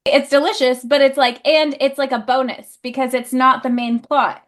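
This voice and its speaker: Podcast co-host, woman, enthusiastic and casual, lots of "like", a bit high-pitched. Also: little pitch movement, moderate pace. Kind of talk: casual chat.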